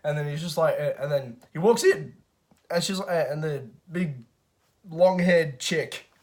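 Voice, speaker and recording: A man's voice: on the high side, a little slow, a little mellow. A man giving a casual movie review rant, swearing often and restarting his sentences with lots of fillers. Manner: profane, frequent stammered restarts and fillers. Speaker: film reviewer.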